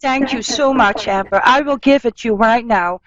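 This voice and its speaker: Woman medium, calm repeating healing talk, slightly high voice, muffled dry audio. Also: a crowd in the background. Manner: soothing, repetitive, halting phrasing. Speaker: medium giving live readings. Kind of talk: spiritual healing reading.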